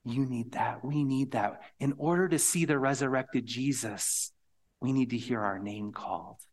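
A man preaching a sermon, earnest and storytelling, sometimes dropping to a hushed whisper on key words. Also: mid-range voice, moderate pace. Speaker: pastor.

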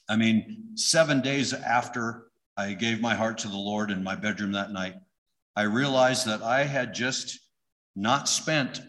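A man's voice: mid-range voice, a bit bright. A middle-aged man giving an emotional personal testimony in conversational storytelling. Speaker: church member giving testimony.

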